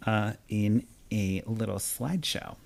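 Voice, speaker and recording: A man hosting a casual podcast chat, talking in a gossipy, animated and sarcastic way. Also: fairly low pitch, unhurried, creaky. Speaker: podcast host.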